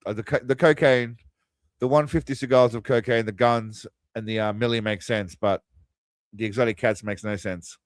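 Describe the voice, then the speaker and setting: A man's voice: mid-range voice, steady tone, normal speed, no room sound. A man hosting a crude, mocking movie commentary, tossing out quiz-style asides. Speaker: host. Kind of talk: sarcastic movie riffing commentary.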